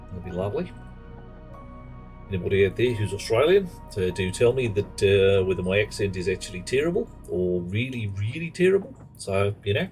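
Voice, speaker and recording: A man's voice: lowish voice, animated, fairly quick, a little mellow, faint music behind. A man streaming a game, talking to himself and chatting asides as he works through it. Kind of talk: live gameplay commentary. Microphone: headset.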